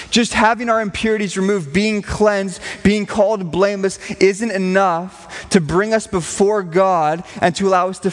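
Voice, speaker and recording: A pastor preaching a sermon to his congregation, earnest and emphatic, repeating phrases for weight. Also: on the high side. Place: church hall. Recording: long hall reverb.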